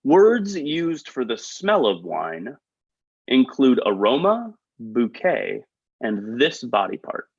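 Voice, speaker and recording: A man hosting a trivia game over a video call, reading questions with quick joking asides. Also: medium pitch, sing-song, gravelly, breathy edge, no room sound. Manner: upbeat, quick asides, chuckles at own jokes. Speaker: trivia quiz host. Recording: dull, lo-fi video call audio.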